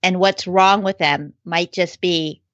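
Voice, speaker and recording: A woman's voice: on the low side, steady tone, slow, a bit bright, no echo. A woman chatting casually in a thoughtful, explanatory way. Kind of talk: casual podcast chat. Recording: dry, slightly dull lo-fi sound.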